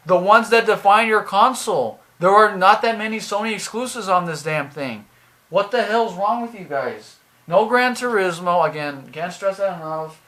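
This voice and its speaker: Brief: man, fairly high voice, venting a frustrated rant straight to viewers, cursing and circling back on his points. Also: animated, normal speed, bright, forceful tone. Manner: exasperated, swearing, repeating himself. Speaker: video creator. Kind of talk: angry product rant.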